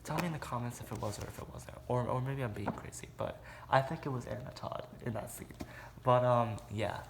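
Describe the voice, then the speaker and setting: A man's voice: medium pitch, fairly quick, noisy background. A man vlogging at home, recapping a movie in a rambling, casual way, filling his talk with "like". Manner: rambling, heavy use of "like", acts out quotes. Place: room at home.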